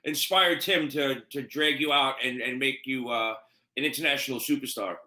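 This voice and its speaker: A man hosting a casual chat over a video call, telling stories in an animated way and swearing freely. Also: mid-range voice, normal speed, roomy sound, poor audio. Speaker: podcast host.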